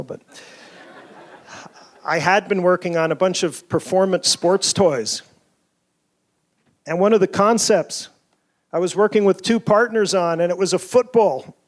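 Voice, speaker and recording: A toy inventor giving a keynote speech at a conference, telling stories from his career in an earnest, measured way. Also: sits high. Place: conference hall.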